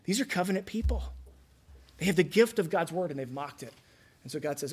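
A man's voice: on the high side, lively intonation, fairly quick, pauses often, breathy edge. Man preaching a conversational sermon. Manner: conversational preaching, acts out quoted voices. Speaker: pastor.

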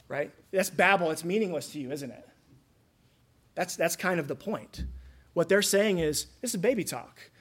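A man's voice: high voice, moderate pace, slightly rough. A man preaching a sermon in a conversational way, acting out the voices he quotes. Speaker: pastor.

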